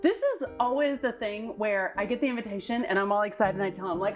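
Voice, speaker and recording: Texan woman vlog co-host, animated, light laughter, music bed behind. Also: medium pitch, fast, few pauses. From United States. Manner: laughs often, lively listing. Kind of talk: casual chat.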